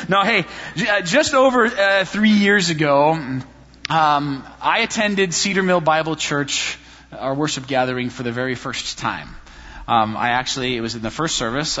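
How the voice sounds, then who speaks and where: A man preaching a sermon in a church, telling personal stories in an animated, self-deprecating way. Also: medium pitch. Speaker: pastor. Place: church sanctuary. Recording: reverberant hall, slightly dull sound.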